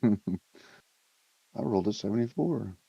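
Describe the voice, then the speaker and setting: A man's voice: on the low side, lively intonation, takes it slowly, creaky, mellow, husky, dry recording. A man chatting loosely as a player over online voice chat, rambling with fillers. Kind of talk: casual game chat. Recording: dull dry voice-chat mic.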